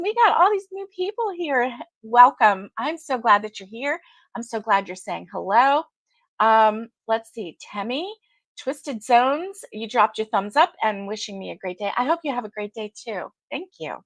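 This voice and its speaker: A woman's voice: on the high side, animated, normal speed, a bit bright, dry recording. A woman hosting a casual live chat, greeting viewers by name and laughing often. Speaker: livestream host.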